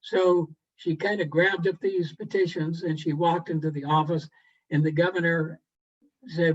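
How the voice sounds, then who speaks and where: A man giving a relaxed storytelling lecture to a garden club, unhurried, with frequent pauses and throat clearing. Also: on the high side, lo-fi sound. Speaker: guest presenter to a garden club. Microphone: video call microphone.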